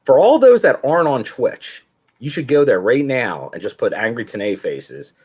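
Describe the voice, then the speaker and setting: A man's voice: medium pitch, very animated, normal speed, darkish tone, husky. A man co-hosting a casual podcast chat, retelling scenes and quoting people. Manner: chatty, quotes people in a put-on voice. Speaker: podcast co-host.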